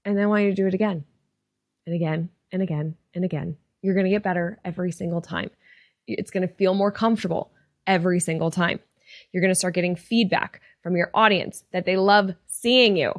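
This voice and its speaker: A woman with a fairly low, steady voice speaks briskly as host of a retail podcast and a retail coach. Her casual, motivational talk is earnest and openly emotional, recorded in clean studio sound with no room sound.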